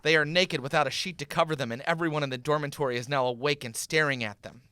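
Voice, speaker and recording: A man hosting a comedy podcast, reading his own screenplay's stage directions in a deadpan way. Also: a little high, quick pace, clear, resonant tone, no echo.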